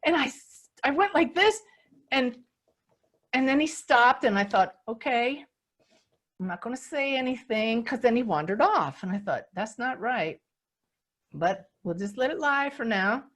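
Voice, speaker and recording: A woman's voice: fairly high pitch, expressive, unhurried, pauses often, fairly bright tone. An older woman tells a story to her online audience and acts out the scenes as she goes. She speaks as a spiritual teacher and host. Her voice comes through a video call. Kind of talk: storytelling talk on a webinar.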